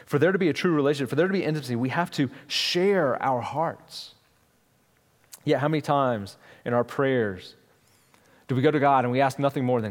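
Pastor preaching in a reverberant hall. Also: male voice, medium pitch, brisk. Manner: conversational, storytelling with many restarts and fillers. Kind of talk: sermon.

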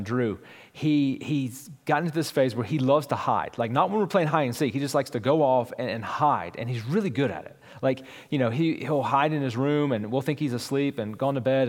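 Male pastor, thirties, conversational sermon, mid pitch, long church-hall reverb. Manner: conversational, storytelling with many restarts and fillers.

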